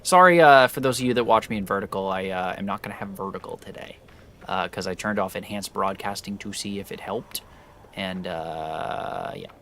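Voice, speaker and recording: A young man chats casually with his live-stream viewers while playing, rambling, correcting himself as he goes and talking to chat. His voice is low-pitched and a bit bright at a moderate pace, with slight background noise.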